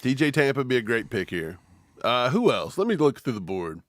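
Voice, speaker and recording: A man's voice: mid-range voice, a little fast, no room sound, studio quality. A man co-hosting a live football draft reaction stream, talking casually and slipping into silly impressions. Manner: animated, mimics people in silly voices. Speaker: co-host.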